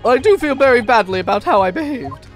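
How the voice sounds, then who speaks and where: A woman's voice: a little high, expressive, fast talker, soft background music, natural voice. A woman voicing a pompous, oblivious British detective who speaks very formally.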